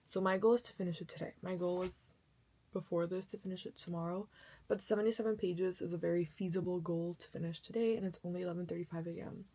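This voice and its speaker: A woman's voice: on the low side, little pitch movement, fast talker, warm tone, low-quality recording. A young woman chatting casually to camera about books she bought and is reading, rambling and correcting herself often, tired. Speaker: book vlogger.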